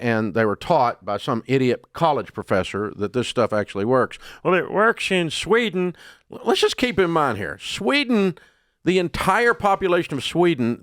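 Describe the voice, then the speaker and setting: A man hosting a radio talk show, ranting bluntly and scornfully, his voice jumping loud and high when he gets worked up. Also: no echo, studio quality. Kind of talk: opinionated talk radio rant.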